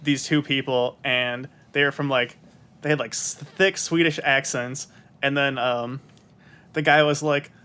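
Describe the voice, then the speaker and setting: A man hosting a casual podcast chat, joking and trading quick banter with friends. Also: mid-range voice, fairly even intonation, bright, forceful tone, clear, resonant tone. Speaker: podcast host.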